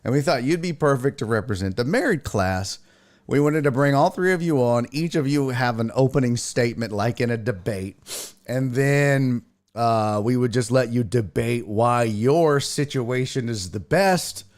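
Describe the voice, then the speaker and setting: A man hosting a sports talk show, chatting casually in an animated, profane way that jumps between tangents. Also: mid-range voice, moderate pace. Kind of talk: casual chat.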